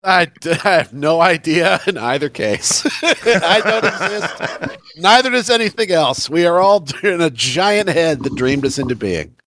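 Male podcast guest, congested and stuffy, higher voice, animated and wry. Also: normal speed, few pauses, no echo. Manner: wry, absurdist humor. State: stuffy nose from allergies. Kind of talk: casual podcast chat.

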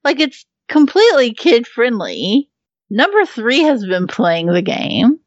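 A woman's voice: on the high side, sing-song, a little slow, no room sound. A woman in casual podcast chat who laughs often, swears freely, and talks with many ums and restarts. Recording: dull lo-fi recording.

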